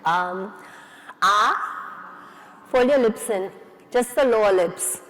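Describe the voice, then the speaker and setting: A woman's voice: mid-range voice, slow pace, fairly bright tone. A woman leading an audience through face yoga exercises at a conference, coaxing and playful as she gives instructions. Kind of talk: leading a live exercise session. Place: conference hall. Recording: reverberant conference hall.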